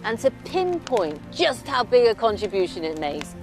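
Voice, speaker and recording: A woman's voice: medium pitch, moderate pace, soft background music. A woman historian and curator presenting and narrating a documentary with keen enthusiasm. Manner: enthusiastic, expressive.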